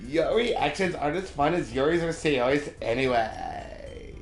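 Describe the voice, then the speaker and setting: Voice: mid-range voice, expressive, moderate pace, vocal fry, echoey room, soft background music. A co-host bantering during a casual game playthrough, teasing and joking, sometimes drawing words out.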